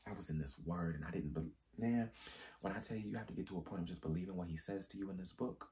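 A very deep, mellow-toned man speaks as a pastor sharing a personal testimony. He keeps it casual and slangy, then lifts into emphatic, preacher-like leaps in pitch. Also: fast, a little hiss or hum. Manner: candid, conversational with slang.

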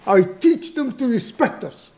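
Playing an aging Italian mobster grandfather who immigrated, a man in a comedy sketch speaks stumbling, accented English and drifts into Italian. He tells a solemn story in a mellow mid-range voice with lively intonation.

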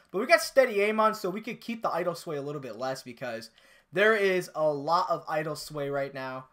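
Young male gamer, bright lively voice, jumpy and profane play-by-play commentary. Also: fairly high pitch. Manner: excitable, swears freely, bursts into yells. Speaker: gamer and channel host. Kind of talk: live gameplay commentary.

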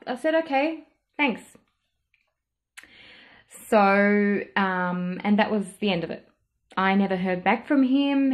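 A woman telling a story in a casual vlog, in an animated and indignant way, acting out the other people's lines. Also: mid-range voice. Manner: animated, indignant retelling with quoted dialogue. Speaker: perfume vlogger.

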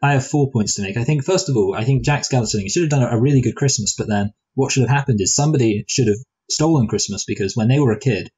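A man's voice: mid-range voice, fast, few pauses, darkish tone, husky, rough recording. A man co-hosting a film review chat, rambling and hesitant, with many restarts and playful speculative asides. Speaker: film review podcast co-host.

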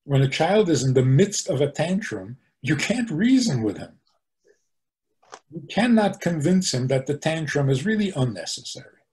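A man, a rabbi, giving an animated teaching talk, posing rhetorical questions and answering them himself. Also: a little high. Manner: animated, acts out the angry voices he quotes.

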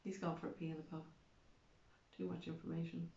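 A woman's voice: low-pitched, level tone, fairly quick, vocal fry, dark tone. A woman narrating an audiobook in the first person, with a wry, chatty manner. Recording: roomy, slightly dull recording.

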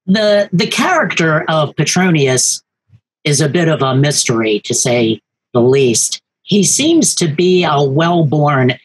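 A man hosting an interview, asking questions in a measured, slightly formal way. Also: a little high, animated, slightly rough, low-quality recording. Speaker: podcast host.

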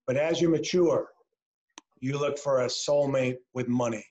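A middle-aged man from upstate New York doing a stand-up set over a video call from home, landing punchlines dry and slowed down. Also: medium pitch, darkish tone, muffled recording. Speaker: stand-up comedian. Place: a home, indoors.

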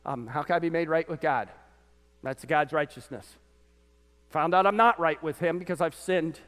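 A man preaching a sermon as pastor to his congregation, animated, his voice swinging from loud peaks to quiet lows. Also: moderate pace. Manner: animated preaching, voice rising and dropping sharply. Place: church sanctuary. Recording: church sanctuary with long reverb.

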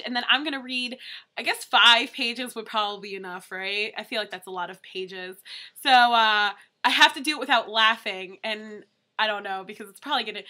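A woman's voice: fairly high pitch, pushed and bright. A young woman vlogging casually, reading a book aloud and often breaking into laughter. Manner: giggly, keeps breaking into laughter.

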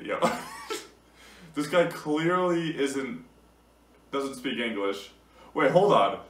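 A man's voice: mid-range voice, lively intonation, slow pace, pauses often, a bit bright, slight background noise. Amused young man in a roomy room. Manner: amused, incredulous, laughs often. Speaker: gaming YouTuber. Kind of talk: casual commentary reading out messages. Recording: roomy sound from a distant mic.

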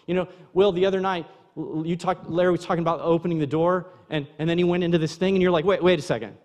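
High-voiced pastor preaching in a reverberant church. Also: male voice, steady tone, quick pace, a little mellow. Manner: conversational preaching, asides to the congregation. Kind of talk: sermon. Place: church sanctuary.

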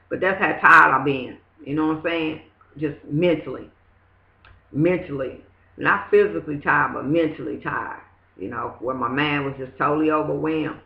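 A woman's voice: low-pitched, creaky. Woman, casual testimony, rambling with many fillers; roomy echo, muffled lo-fi recording. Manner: rambling, full of "you know what I'm saying". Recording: echoey, dull lo-fi room sound.

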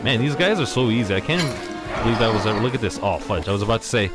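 A man's voice: lowish voice, expressive, very fast, over loud music. A man casually commentating on his own gameplay, rambling and exclaiming often, a little out of breath. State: slightly out of breath. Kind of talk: casual let's-play commentary.

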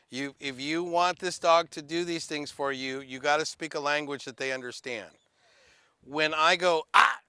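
A man's voice: a little high, bright, forceful tone, dry recording. A man teaching a dog training workshop, explaining and demonstrating handling in a direct coaching way. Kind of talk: workshop instruction.

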